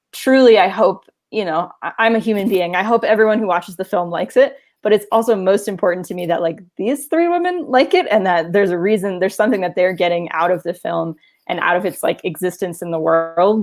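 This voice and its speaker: A woman documentary filmmaker speaking earnestly at a casual Q&A, rambling with many fillers and restarts. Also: fairly low pitch. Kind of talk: video-call Q&A, casual.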